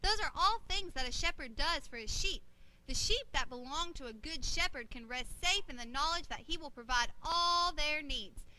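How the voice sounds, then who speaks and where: A kindly puppet shipmate, voiced by a woman, who patiently explains the lesson to the children. The voice is high and very bright. The delivery is plain and teaching. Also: expressive, moderate pace, exaggerated voice. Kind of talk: children's church puppet show.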